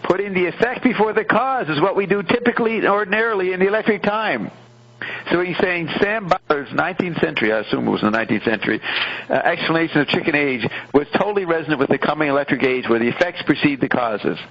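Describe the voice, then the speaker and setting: A man's voice: fairly high pitch, fast talker. A man hosting a radio show, reading a text aloud and explaining it in a digressive, playful way. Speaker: radio host. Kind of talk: lecture-style commentary, reading aloud and explaining. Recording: dull lo-fi radio sound.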